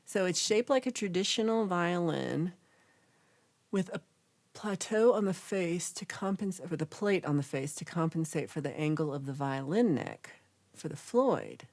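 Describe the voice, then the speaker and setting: A young woman hosts a casual livestream, reading viewer comments aloud and reacting with gasps and laughs. Her voice is low but her pitch swings widely and animatedly, and she talks a little slowly in a chatty way.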